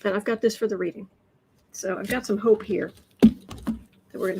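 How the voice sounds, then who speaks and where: Reading viewer comments during her informal indoor tarot stream, this woman talks in a chatty, loose way, often restarting and repeating herself. Her voice is medium in pitch with fairly even intonation and normal speed, broken by long pauses, and the recording is very noisy.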